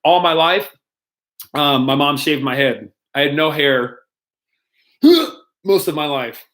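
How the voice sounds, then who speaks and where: A man's voice: a little high, sing-song, slow pace, a bit bright. A young man, a youth pastor, casually answering viewer questions in a playful, rambling way with frequent laughs and ums. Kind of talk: casual live-stream Q&A.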